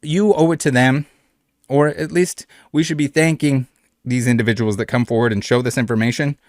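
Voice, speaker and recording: A man's voice: mid-range voice, fairly even intonation, brisk, no room sound, clean studio sound. A man hosting a reaction commentary who speaks in a blunt, indignant way and swears often. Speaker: channel host.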